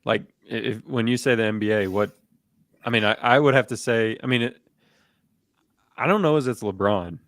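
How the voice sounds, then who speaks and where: A man co-hosting a sports podcast, rambling in a relaxed way with lots of fillers and restarts. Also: mid-range voice, normal speed, long pauses, no room sound. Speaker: podcast co-host. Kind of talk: casual sports chat.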